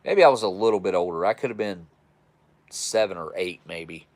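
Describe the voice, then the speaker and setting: A man's voice: low-pitched, expressive, moderate pace, no echo. A man hosting a casual livestream, reviewing old military rations and chatting with viewers in a folksy, self-described redneck way.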